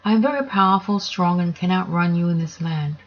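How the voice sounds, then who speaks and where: Calm, self-assured giraffe, read by a woman, steady and matter-of-fact, dull recording. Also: fairly low pitch, brisk, a little hiss or hum, lightly acted.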